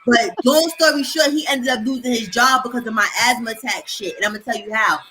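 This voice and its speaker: Animated, profane woman telling a story. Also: on the high side, quick pace, poor audio. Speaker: host. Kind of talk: casual storytelling chat.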